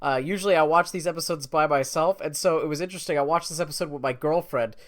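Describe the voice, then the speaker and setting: A man's voice: on the high side, fast talker. A man co-hosting a podcast, chatting casually in an easygoing way and laughing heartily. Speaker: podcast co-host. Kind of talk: casual chat.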